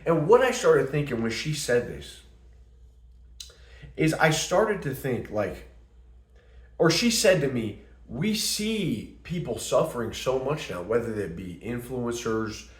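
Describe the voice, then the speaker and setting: A young man vlogging in a casual, rambling monologue, telling a story with animated quoted asides. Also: medium pitch, takes it slowly. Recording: echoey room.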